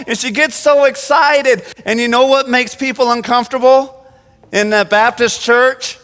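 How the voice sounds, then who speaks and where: A man preaching an animated sermon from the pulpit, often restarting his phrases. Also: very high-pitched, normal speed. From Phoenix. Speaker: pastor. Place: church sanctuary. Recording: long church-hall reverb.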